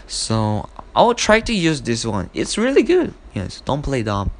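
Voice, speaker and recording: A man hosting a casual English lesson, explaining an expression in halting, non-fluent English with many fillers and acted-out example lines. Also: mid-range voice, wildly swooping pitch, slight background noise. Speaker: host of an English expression podcast.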